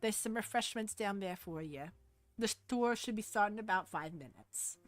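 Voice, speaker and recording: A woman's voice: medium pitch, expressive, dry recording, soft background music, lightly acted. A woman voicing a chatty, gum-chewing receptionist with a New Jersey accent in a tabletop game. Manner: brisk, friendly, calls people doll. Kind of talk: tabletop role-play.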